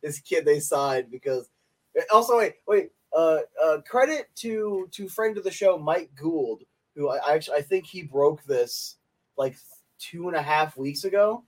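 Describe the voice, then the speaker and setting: A young man co-hosting a sports podcast, his voice sitting a little higher than most men's. He talks in a loose, playful way, cracking jokes and breaking into laughter often. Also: animated, measured pace, a little mellow. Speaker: podcast co-host. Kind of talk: casual chat.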